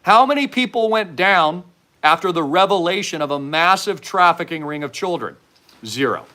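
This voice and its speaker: A man's voice: a little high, lively intonation, normal speed, bright, forceful tone. A man hosting a commentary monologue, speaking in a fervent, preachy, raised voice. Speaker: host.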